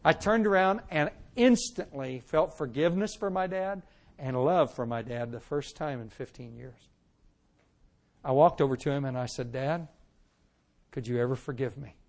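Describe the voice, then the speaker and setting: High-voiced preacher telling his testimony. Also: normal speed. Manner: animated storytelling, swings from loud to hushed; acts out quoted lines. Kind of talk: sermon testimony.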